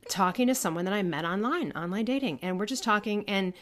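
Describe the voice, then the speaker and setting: A woman guest telling a personal story in casual conversation, animated, acting out what people said and swearing freely. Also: medium pitch, fast talker. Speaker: podcast guest.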